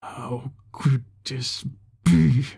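A man voicing a power-hungry male cult leader who drawls slowly with menace and breaks into furious shouts. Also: medium pitch, animated, vocal fry, breathy edge, heavily acted. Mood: anguished.

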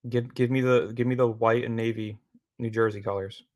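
Brief: male podcast guest, blunt and opinionated, flat delivery. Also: mid-range voice, fairly quick, dry recording, muffled recording. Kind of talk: casual debate chat.

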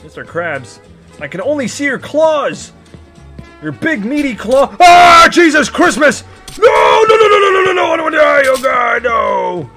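A man voicing a gruff, greedy old sea-captain crab, using salty pirate growls and frantic yelling while commentating on a game. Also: extremely high pitch, sing-song, measured pace, over music, exaggerated voice. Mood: panicked. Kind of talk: in-character gaming commentary.

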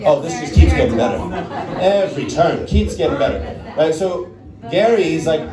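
At normal speed and a fairly high pitch, a man from the Netherlands with an American accent tells an extended story during a stand-up set. His delivery is chatty, often punctuated by "right?", and the distant recording comes from an echoey room with a crowd laughing.

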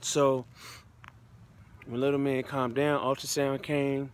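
A man's voice: medium pitch, flat delivery, slow pace, clear, resonant tone. A man speaker telling his own testimony in a casual, heartfelt way, with loose slang. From United States. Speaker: motivational speaker. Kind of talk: personal testimony storytelling.

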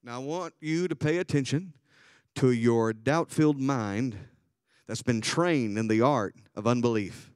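A man preaching a sermon as a bishop, telling a story and swinging from hushed asides to loud, excited passages. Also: medium pitch, a little slow, clean tone, no room sound, clean studio sound.

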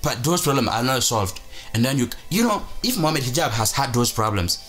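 A man's voice: mid-range voice, lively intonation, fairly quick, fairly bright tone, soft background music. A man hosting his own channel, talking in a rambling, emphatic way with frequent restarts. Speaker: channel host. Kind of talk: casual commentary vlog.

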